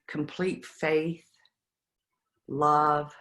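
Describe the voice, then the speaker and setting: Reflective study group member with a flat, level delivery and halting phrasing. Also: medium pitch. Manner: reflective and halting, with pauses between words. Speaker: group discussion participant. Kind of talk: personal sharing in a spiritual study group.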